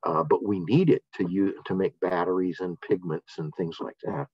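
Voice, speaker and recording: A man's voice: low-pitched, fairly even intonation, moderate pace, dry recording. An older man presenting a science lesson in an enthusiastic, casual manner, with fillers and restarts. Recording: dull, dry lo-fi sound.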